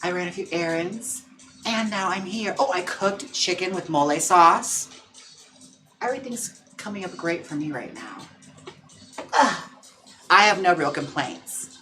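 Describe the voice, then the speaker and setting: A man's voice: high voice, lively intonation, a little slow, long pauses, over music. A drag queen hosting a casual livestream, chatting playfully and campily with viewers. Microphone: own mic.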